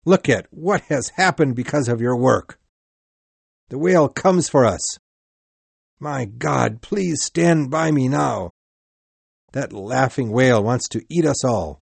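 A man's voice: mid-range voice, animated, slow pace, creaky, breathy edge, no room sound, full character voice. A man doing an earnest, pleading first mate. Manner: urgent, pleading.

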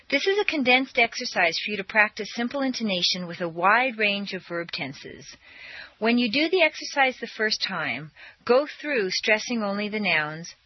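A woman teaching pronunciation, reading numbered drill sentences with slow, deliberate stress and a lively, swooping intonation. Her voice is slightly husky. The dry, dull lo-fi recording has no room sound around it. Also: mid-range voice, no echo. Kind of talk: scripted language lesson recording.

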